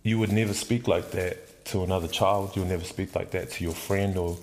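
Casting: man, 40s, very low voice, frank and loose, swears, rambles, faint background hiss. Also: fairly even intonation, moderate pace, a little mellow. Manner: candid, swears freely, rambling with many "like"s. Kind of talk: casual podcast conversation.

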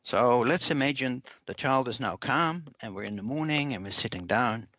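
A man answering interview questions in a measured, earnest way, often repeating words as he explains. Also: medium pitch, lively intonation, sharp tone, no echo. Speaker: parenting expert guest. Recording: dull lo-fi dry recording.

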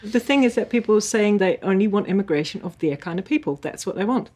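A middle-aged woman, a mother and immigrant, speaking frankly and in a measured, wry way. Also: mid-range voice, animated, a little mellow. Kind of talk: candid family conversation.

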